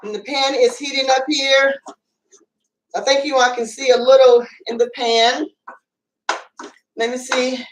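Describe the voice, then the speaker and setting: A woman's voice: sits high, fairly even intonation, unhurried, pauses often, recorded from a distance, slight background noise. A woman hosting a casual home cooking show, chatting and rambling as she cooks, with plenty of fillers. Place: home kitchen. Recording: echoey room, away from the mic.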